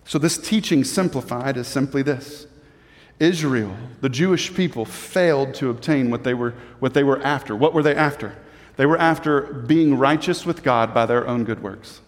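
A man's voice: mid-range voice, lively intonation, normal speed, long reverb tail. A man preaching a sermon as a pastor, building to emphatic peaks and often repeating words as he goes.

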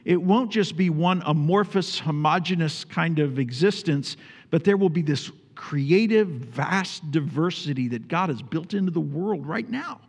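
High-voiced male pastor preaching in a reverberant hall. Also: expressive, measured pace, breathy edge. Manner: emphatic, repeats phrases for stress, asks the congregation questions. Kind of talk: sermon.

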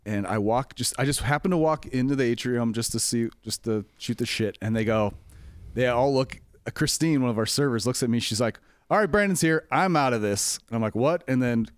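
A man's voice: medium pitch, a little fast, clean tone, no echo, studio quality. A man in casual podcast chat, retelling a workplace story in a rambling way and acting out the other people's lines. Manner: rambling, animated retelling with quoted voices. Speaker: comedy club manager.

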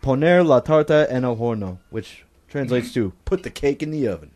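A man's voice: mid-range voice, expressive, moderate pace, darkish tone. A man hosting a crude comedy podcast, reading items off a list and adding wisecracks.

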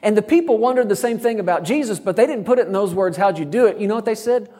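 A middle-aged man preaching a sermon, telling a story and breaking into sudden loud shouts. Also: high-pitched, fast, big-room sound. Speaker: guest preacher.

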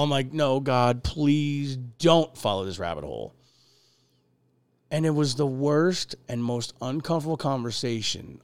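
A man hosting a podcast, telling stories in a profane, animated, casual way. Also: mid-range voice, no room sound. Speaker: podcast host.

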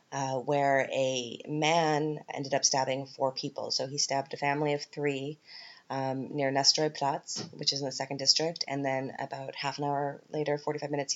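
Low-voiced chatty Canadian woman. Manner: chatty, rambling, frequent ums and asides. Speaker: podcast host. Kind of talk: casual solo podcast talk. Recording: dull lo-fi podcast recording.

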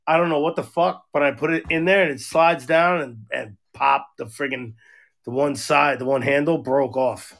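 A man's voice: mid-range voice, normal speed, gravelly, fairly bright tone. A man co-hosting a podcast in casual chat, a rambling, profane storyteller. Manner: profane, rambling storyteller, acts out quoted voices. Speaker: podcast co-host.

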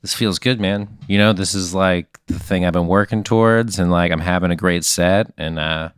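A man guest on a comedy podcast, bantering and jumping up in pitch when incredulous. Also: fairly even intonation, moderate pace, smooth, dry recording, clean studio sound.

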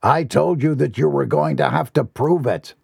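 A man's voice: on the high side, moderate pace, a little mellow, no room sound, studio quality, exaggerated voice. A man doing a smug, rich older villain. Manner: smooth, patronizing. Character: wealthy smug older male villain, condescending.

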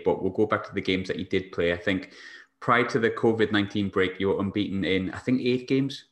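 A man hosting a podcast, asking questions in a relaxed, hedging way. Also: on the low side. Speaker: podcast host. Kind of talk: casual podcast interview. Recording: echoey room.

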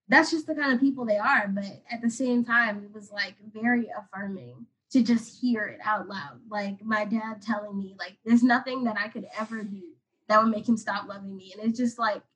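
With a slightly high, bright, somewhat rough voice at normal speed, a 21-year-old Atlanta woman shares a personal story on a podcast. She's casual, emotional and rambling, packing in plenty of "like," and the audio quality is poor.

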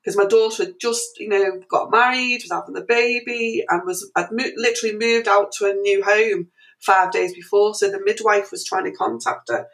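A middle-aged woman, an interview guest, telling a story in an animated way with many restarts and fillers. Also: medium pitch, moderate pace, low-quality recording.

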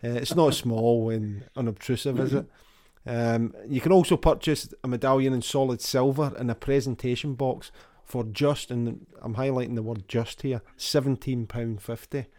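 A man's voice: medium pitch, steady tone, moderate pace, hardly any pauses, a little mellow. A man hosting a chat, reading an old magazine advert aloud with dry, wry asides. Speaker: podcast host.

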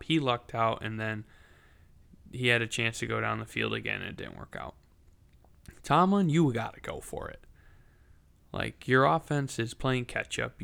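Young male sports ranter, gravelly but clear voice, blunt and profane. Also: medium pitch, a bit bright. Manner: blunt, profane, exasperated ranting. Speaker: sports commentator. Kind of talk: casual football recap.

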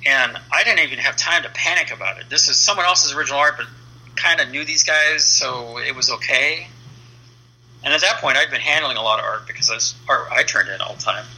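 A comic book letterer in his fifties, guesting on an interview, casually tells an anecdote and acts out the dialogue with lively energy. He speaks a little fast at medium pitch with a breathy edge, and the audio is poor.

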